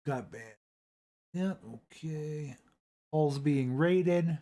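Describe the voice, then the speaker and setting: A man hosting a casual live stream, rambling, repeating himself and reading chat aloud into a boom-arm desk mic. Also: very slow, mellow.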